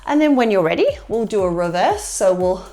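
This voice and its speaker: A woman leading a yoga class, giving calm, encouraging cues with casual fillers, slightly out of breath. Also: medium pitch, brisk, faint music behind. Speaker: yoga instructor. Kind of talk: guided yoga class instruction.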